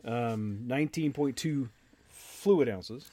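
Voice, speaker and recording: A man co-hosting a podcast in casual chat, with a dry, deadpan sense of humor. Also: medium pitch, slow, no room sound. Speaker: podcast co-host.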